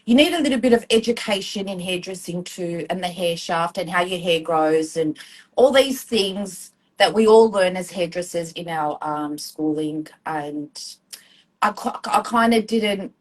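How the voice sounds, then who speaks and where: This Australian-accented woman in her forties, a hairdresser and student guest, speaks unhurriedly at a fairly low pitch over a rough recording. During the live-stream chat she rambles through her story, saying um a lot and acting out quotes.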